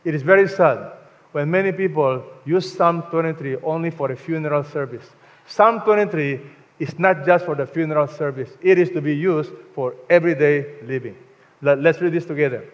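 A man's voice: a little high, moderate pace. A man preaching a sermon to a congregation, emphatic and leading them to repeat lines after him. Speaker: pastor. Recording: dull sound with long hall reverb.

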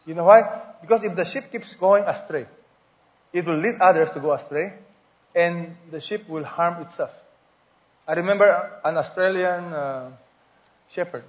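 A pastor with a notably high voice preaches to his congregation, quizzing them and drawing out the words he wants to stress. The recording is dull and lo-fi. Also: normal speed, long pauses. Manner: preacher asking the congregation questions, stretching key words. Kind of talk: sermon.

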